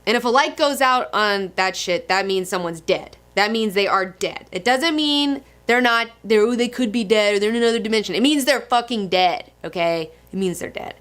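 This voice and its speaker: A young woman giving casual comic book commentary in a gushing, excitable manner with frequent swearing. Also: mid-range voice, normal speed, hardly any pauses.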